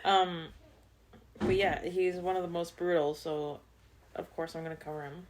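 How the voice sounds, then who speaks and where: A woman's voice: on the low side, steady tone, normal speed, low-quality recording. A young adult woman co-hosting a casual podcast with her mother, dry and teasing, laughing often. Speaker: podcast co-host, daughter. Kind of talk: casual chat.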